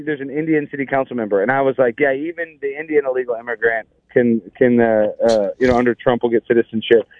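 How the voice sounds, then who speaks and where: A man's voice: medium pitch, dry recording. A man telling a rambling, exasperated story in casual chat, with many restarts. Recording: tinny phone line.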